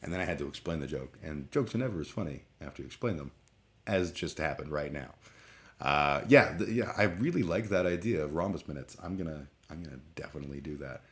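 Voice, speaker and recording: A man's voice: rumbling low, animated, fairly quick. A man hosting a casual livestream, rambling and joking with plenty of swearing. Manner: rambling, profane, jokey. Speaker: livestream host.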